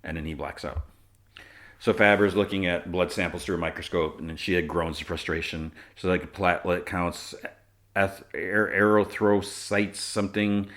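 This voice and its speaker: This man's voice is low-pitched and steady, a bit bright, at a moderate pace. Hosting a podcast, he goes over a TV episode in a relaxed way, voicing the characters' lines himself and sprinkling in fillers and laughs.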